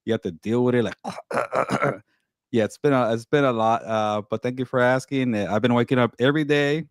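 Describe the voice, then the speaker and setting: A man's voice: mid-range voice, normal speed, no echo, studio quality. A man co-hosting a podcast, talking in a rambling way about life as a new father. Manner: rambling, self-interrupting. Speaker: podcast co-host. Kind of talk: casual chat.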